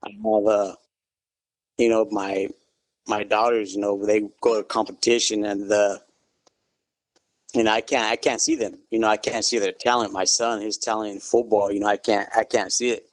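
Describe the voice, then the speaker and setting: A middle-aged man, a guest in an interview, telling his story in a relaxed, good-humored way and saying "you know" often. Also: lowish voice, moderate pace, dry recording. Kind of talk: casual interview.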